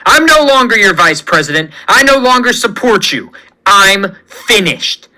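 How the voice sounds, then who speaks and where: A man voicing an indignant male soldier who talks in sharp, forceful protests. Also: sits high, big pitch swings, measured pace, exaggerated voice. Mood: furious. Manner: shouting, indignant. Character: outraged male soldier in armor.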